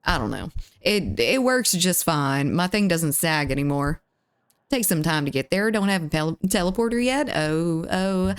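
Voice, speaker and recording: Smooth low-voiced woman streamer. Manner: rambling, lots of filler "like", reads chat aloud. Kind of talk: casual chat with live viewers.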